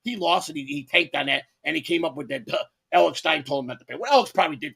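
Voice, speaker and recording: A man's voice: on the high side, expressive, quick pace, gravelly, fairly bright tone, slightly rough. A man co-hosting a podcast, telling rambling stories with lots of repeats and swearing. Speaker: podcast co-host. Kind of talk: rambling casual storytelling.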